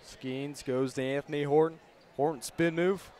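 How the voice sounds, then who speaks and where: A man with a slightly high voice calls a high school basketball game pass by pass. His delivery stays steady and rises when a shot goes up. Faint game sounds sit behind him. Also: moderate pace, slight background noise. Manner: steady, even call that lifts on shots. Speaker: play-by-play announcer. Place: school gym.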